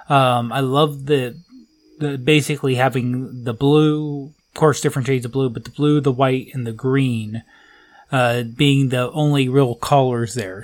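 Hesitant man describing a photo. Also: medium pitch. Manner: hesitant, searching for words. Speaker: podcast co-host. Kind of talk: casual chat.

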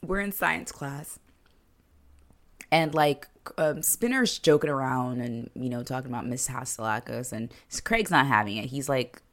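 Low, gravelly woman chatting casually. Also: normal speed. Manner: rambling, filler-heavy, frequent "like", sarcastic asides. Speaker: podcast co-host recapping a TV episode. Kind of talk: casual chat.

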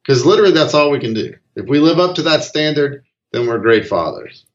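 A man's voice: mid-range voice, big pitch swings, fairly quick. A middle-aged man talking casually, earnest and emphatic, telling a personal story. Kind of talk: casual conversation. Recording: slightly dull lo-fi audio.

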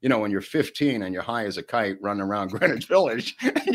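An older man, telling rambling family stories on a podcast, laughing often and jumping his voice up high when he quotes people. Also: animated, brisk. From New York. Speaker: podcast co-host. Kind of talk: storytelling in casual chat.

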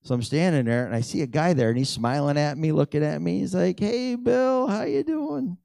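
A middle-aged man telling prayer stories in a lively, animated way, acting out the dialogue. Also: fast, gravelly, no echo, studio quality. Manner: animated storyteller who acts out dialogue with big pitch jumps. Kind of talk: storytelling testimony talk.

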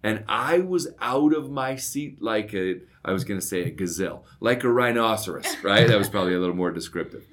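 Deep-voiced man telling stories. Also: fairly quick, hardly any pauses. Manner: storytelling, animated when recounting, often asks "right?". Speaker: podcast co-host. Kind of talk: casual conversation.

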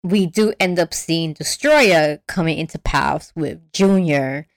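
A woman's voice: low-pitched, slow, no room sound, clean studio sound. A woman in casual chat, retelling a film plot with lots of energy, acting out the characters' lines and swearing freely.

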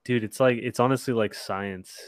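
A man's voice: medium pitch, fairly even intonation, moderate pace. A man co-hosting a podcast, chatting in a laid-back way and saying "dude" and "like" often. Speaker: podcast co-host. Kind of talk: casual podcast chat.

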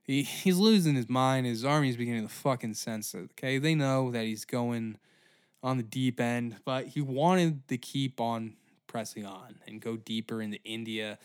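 A man's voice: medium pitch, a little slow, a little mellow, smooth, dry recording, clean studio sound. A man hosting a comedy history podcast, telling the story in a profane, rambling way with silly asides. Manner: profane, rambling, bursts into silly voices and sound effects. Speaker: podcast host.

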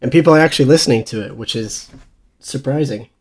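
A man's voice: medium pitch, quick pace, crowd noise. Playful young man in casual podcast chat. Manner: playful, joking. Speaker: podcast co-host.

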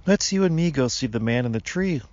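A man's voice: medium pitch, expressive, brisk, darkish tone, no echo, voice pushed up, natural voice. An earnest, eager father who pleads with his wife and coaxes his shy daughter, as a male reader puts him on. His voice lifts a little above the narration. The recording is dry and somewhat muffled.

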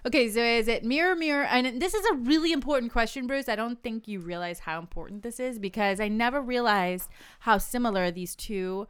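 A woman's voice: fairly high pitch, fairly quick, a bit bright, clear, resonant tone, dry recording. A woman hosting a podcast, quizzing her co-host with trivia and laughing easily in casual chat.

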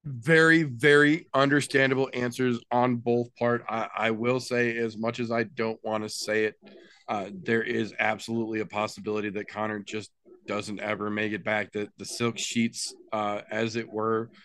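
A man's voice: on the low side, little pitch movement, normal speed, fairly bright tone, clean tone, dry recording. Guy hosting a podcast, joking around, hamming up announcer bits. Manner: playful, mock-dramatic announcer flourishes. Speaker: podcast host. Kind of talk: casual podcast banter.

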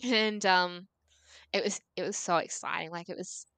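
A woman's voice: on the low side, fairly even intonation, moderate pace, fairly bright tone, no room sound. A young Australian woman in her twenties, a podcast guest telling a story casually, peppering her talk with "like" and acting out what people said. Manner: chatty, full of "like", acts out dialogue.

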